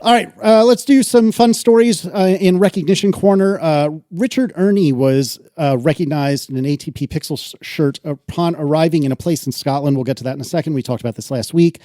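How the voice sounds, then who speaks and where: A man co-hosting a podcast in casual chat, brisk and self-deprecating, reading listener mail aloud. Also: fairly high pitch, mellow, no echo, clean studio sound. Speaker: podcast co-host.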